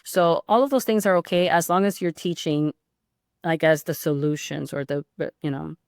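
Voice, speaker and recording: A woman with a low voice talks as a podcast guest and rambles through her thoughts, full of fillers and restarts. The sound is dry and close, with no room around it. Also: steady tone, normal speed, vocal fry, no room sound. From Hispanic background. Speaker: pediatric sleep consultant and guest. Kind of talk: casual podcast interview.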